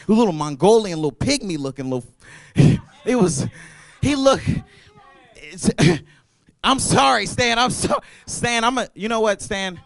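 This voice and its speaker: Young stand-up man, high voice, loud and playful with apologetic asides, on a dry close mic. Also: dry recording. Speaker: stand-up comedian. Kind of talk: open mic stand-up set. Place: comedy club stage.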